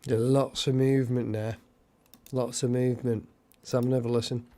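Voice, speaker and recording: A man hosting a casual live stream, chatty and excitable, thanking viewers by name. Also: medium pitch, normal speed, a little hiss or hum.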